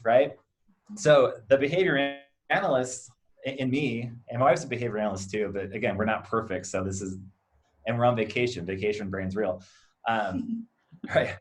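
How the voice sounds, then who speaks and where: A man's voice: medium pitch, normal speed. A man in his thirties, a behavior analyst, talking casually in an interview and explaining his work through acted-out everyday examples, often checking in with "right?". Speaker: behavior analyst, clinic co-owner.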